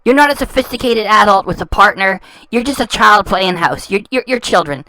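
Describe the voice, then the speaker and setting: A woman's voice: medium pitch, animated, fairly quick, bright, forceful tone, no room sound, poor audio. A woman hosting a reaction channel, talking over clips in a scornful, insulting way and often stumbling and repeating words. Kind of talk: mocking commentary over clips.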